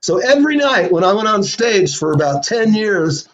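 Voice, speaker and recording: A man's voice: high-pitched, sing-song, moderate pace. A man hosting a casual live show, telling rambling stories with lots of fillers. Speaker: host. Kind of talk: casual storytelling chat. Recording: lo-fi dull sound.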